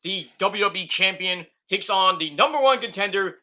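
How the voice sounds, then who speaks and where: A man's voice: sits high, expressive, moderate pace, pushed and bright. A man hosting a casual wrestling predictions show, rambling off the cuff with cursing and mocking nicknames. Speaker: host.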